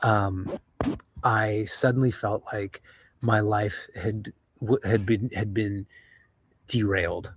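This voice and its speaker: A man's voice: on the low side, fairly even intonation, slow, no echo. A middle-aged man speaking openly and reflectively as an interview guest. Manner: open, reflective. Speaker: podcast host guest. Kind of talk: candid conversation.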